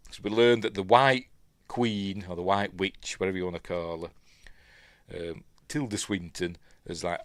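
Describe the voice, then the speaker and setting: A man's voice: lowish voice, a bit bright, no room sound, clean studio sound. A man with a Yorkshire accent giving a rambling, casual film breakdown, full of ums and asides to himself. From Yorkshire, England. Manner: rambling, many ums and self-questions. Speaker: film reviewer.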